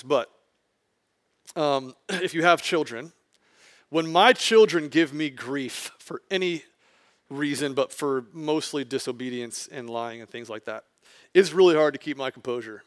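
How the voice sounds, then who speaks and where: A man, a pastor, preaching a conversational sermon to his congregation, often adding "like" and building emphasis. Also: fairly high pitch.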